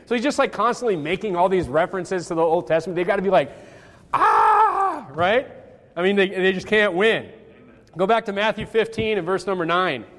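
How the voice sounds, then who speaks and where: A high-pitched man preaches in a loose, conversational way, leaning on fillers and voicing each quoted line with gusto. His voice rings out with a long reverb tail, as if filling a large hall. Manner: animated, acts out quotes, frequent fillers. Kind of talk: casual Bible-study sermon.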